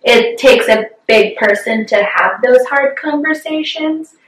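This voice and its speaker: A woman in her twenties speaks slowly in a high voice, casually and candidly telling an emotional story while swearing freely. The recording is roomy, and she sounds far from the mic.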